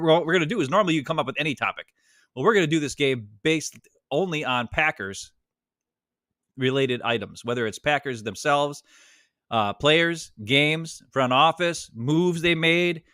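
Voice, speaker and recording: A man's voice: medium pitch, pushed and bright, no room sound, studio quality. A man co-hosting a fan talk show over a video call, explaining a game at length in a chatty, rambling way. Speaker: co-host of a sports fan show.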